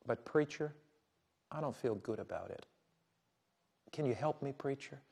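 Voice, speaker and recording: A man voicing a crusty, gruff old male ex-Marine who is remorseful and pleading for help. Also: medium pitch, lively intonation, measured pace, darkish tone, exaggerated voice. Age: older.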